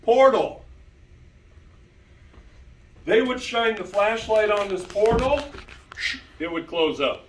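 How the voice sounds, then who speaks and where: A man giving an animated storytelling talk to an audience, emphatic and repeating key words. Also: high voice, unhurried, reverberant, far from the mic, poor audio. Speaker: speaker presenting to an audience.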